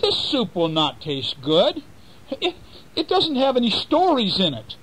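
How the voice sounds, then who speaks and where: A father voicing a tiny frightened but clever male mouse in a squeaky falsetto while reading a bedtime storybook. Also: wildly swooping pitch, unhurried, fairly bright tone, slightly rough, exaggerated voice, low-quality recording. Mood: pleading. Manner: squeaking, pleading.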